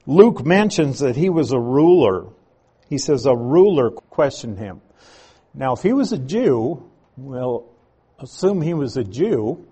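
A man preaches an evening Bible study in an unhurried, conversational way, sprinkling in asides as he teaches. His voice sits at a middle pitch with a husky edge, and he takes his time. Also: dark tone. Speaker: pastor.

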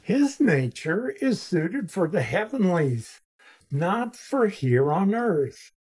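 A man teaching verse by verse through scripture in an unhurried, deliberate way. His voice is slightly husky, and he lays out each point methodically. He often drops into casual asides to his listeners. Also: sits high, sing-song, a little mellow. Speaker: Bible teacher.

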